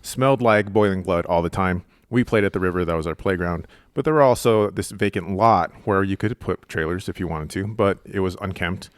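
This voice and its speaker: A man from Colorado, a guest comedian, telling an animated, self-mocking story on a podcast. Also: low voice, a little fast, few pauses, no echo, clean studio sound. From Colorado, USA.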